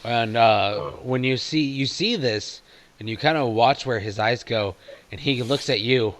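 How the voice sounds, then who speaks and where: A man running a tabletop game as game master, narrating casually and haltingly. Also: medium pitch, fairly bright tone.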